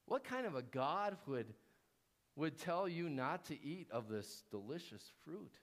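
A cunning serpent hisses its temptations in a soft, villainous whisper, as a man puts it on mid-sermon. Its questions wheedle and coax. Its pitch sits a little high and swoops up and down. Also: big pitch swings, measured pace. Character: sly, coaxing male serpent tempter.

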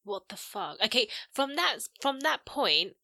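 A young woman co-hosting a podcast, blunt and expressive, swearing freely in casual chat. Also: a little high, unhurried, creaky, dry recording, clean studio sound. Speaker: podcast co-host.

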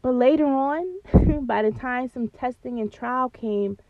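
A woman's voice: high voice, takes it slowly, no echo, narrow, tinny audio. A woman hosting a faith podcast, talking earnestly and preacherly. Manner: earnest, preacherly, addresses listeners as y'all. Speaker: podcast host. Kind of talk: faith-based podcast talk.

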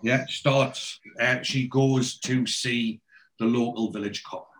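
A man's voice: medium pitch, steady tone, slow pace, fairly bright tone. A man in casual chat, retelling a TV episode scene by scene and lightly acting out the characters' lines.

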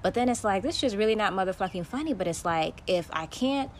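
A woman's voice: mid-range voice, animated, fast talker, slight background noise. A woman hosting her own podcast, venting in a heavily profane, emphatic solo monologue. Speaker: podcast host.

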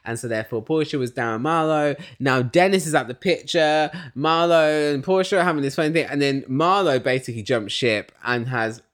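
A man's voice: a little high, normal speed, few pauses. A man hosting a casual reality TV recap, talking in an opinionated way and swearing often. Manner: animated, opinionated, swears a lot.

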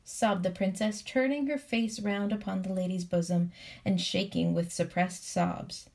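A woman reading a classic story aloud in a calm, soothing way, giving each character expression. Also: on the low side, moderate pace. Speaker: storybook reader. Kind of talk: calm read-aloud storytelling with relaxation cues.

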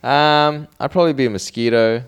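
A man's voice: mid-range voice, steady tone, a little fast, clear, resonant tone. A man with a mid-range voice chats loosely with friends and swears freely. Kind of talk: casual film review chat.

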